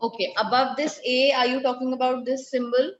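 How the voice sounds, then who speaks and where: A woman's voice: sits high, level tone, fairly quick, a little hiss or hum. A woman teaching French to a class, patiently asking pupils questions. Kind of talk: classroom lesson. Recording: echoey classroom, dull lo-fi sound.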